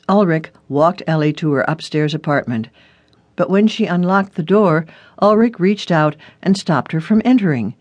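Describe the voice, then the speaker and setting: An audiobook narrator giving a steady, scripted reading of a short suspense story. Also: medium pitch, moderate pace, no echo, lo-fi sound.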